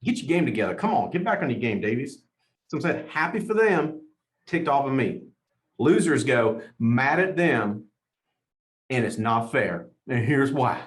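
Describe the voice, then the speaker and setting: A man in his forties hosting a team call, energetic and emphatic, repeating lines for punch. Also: mid-range voice. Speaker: host leading a team call.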